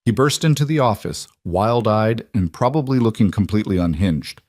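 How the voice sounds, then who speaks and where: Male narrator, lowish dry voice, steady scripted storytelling. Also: normal speed, dry recording.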